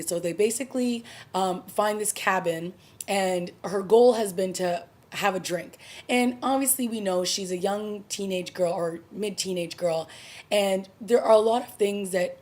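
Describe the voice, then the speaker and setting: A woman's voice: mid-range voice, darkish tone. A woman casually reviewing a TV episode, recapping the plot in a chatty, conversational way. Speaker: TV review vlogger.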